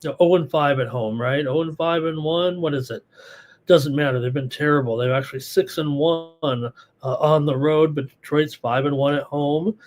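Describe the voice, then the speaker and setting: Male betting-show host, hoarse, slightly high voice, casual rambling live analysis. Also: moderate pace. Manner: rambling, thinks aloud with fillers. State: hoarse, losing his voice.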